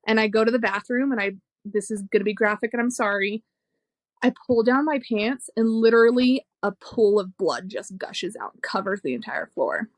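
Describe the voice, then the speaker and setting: Telling a candid story about her own life on a podcast, a young woman speaks at a moderate pace in a fairly high voice. She's emotional and open, cursing often and laughing through hard moments, with no echo in the sound.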